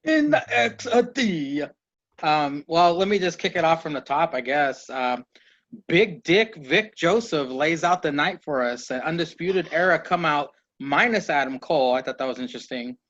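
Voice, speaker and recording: A man's voice: on the high side, moderate pace, a bit bright. Easygoing man on a dull mic. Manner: easygoing, tries and drops accents. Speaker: podcast co-host. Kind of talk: casual wrestling recap.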